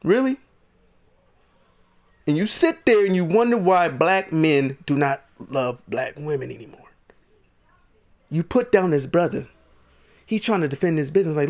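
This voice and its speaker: A man's voice: fairly high pitch, expressive, a little slow, pauses often, a little mellow. A man giving heated, indignant commentary in a vlog, acting out other people's lines in mock voices. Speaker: vlogger. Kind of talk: ranting commentary.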